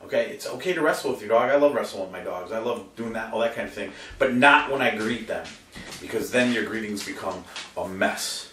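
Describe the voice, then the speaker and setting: A male dog trainer giving an animated lesson to camera and checking in with listeners, often slipping into high voices to quote dog owners. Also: a little fast, slight background noise. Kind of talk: instructional talk to camera. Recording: roomy sound from a distant mic.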